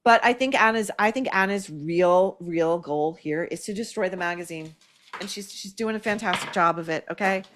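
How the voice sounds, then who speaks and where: Blunt sarcastic woman host, lowish voice. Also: moderate pace, background noise. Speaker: podcast host. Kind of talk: opinion commentary.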